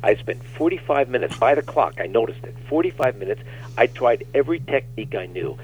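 A man, a guest minister, telling animated stories on a talk show and acting out the quotes. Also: mid-range voice, brisk, slight background noise. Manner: animated storyteller, acts out quotes. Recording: tinny phone line.

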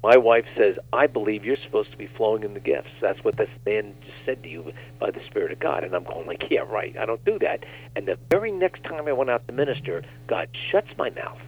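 A man, a guest minister, telling animated stories on a talk show and acting out the quotes. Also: lowish voice, fairly quick, a little hiss or hum. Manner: animated storyteller, acts out quotes. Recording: tinny phone line.

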